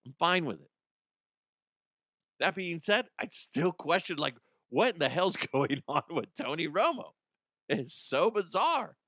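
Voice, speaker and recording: A man hosting comedic sports commentary, irreverent, profane and animated. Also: on the high side, a little slow, dry recording, clean studio sound. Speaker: host.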